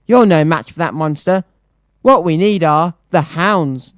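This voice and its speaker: A reader putting on a loud, bossy mayor. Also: medium pitch, measured pace, dry recording, clean studio sound, natural voice. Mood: commanding. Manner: shouting orders, loud and pushy. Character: blustering bossy town mayor, male.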